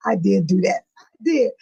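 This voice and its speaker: A woman's voice: mid-range voice, expressive, a little slow, vocal fry, dark tone, breathy edge, highs cut off. A woman hosting a live stream, chatting casually with viewers and telling stories with frequent laughter. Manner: chatty, laughing often, colloquial storytelling.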